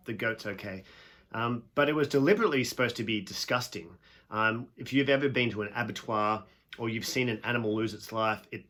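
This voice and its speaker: A young man giving a casual classroom video lesson, emphatic and self-deprecating, stretching out key phrases slowly. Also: medium pitch, pushed and bright. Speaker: teacher.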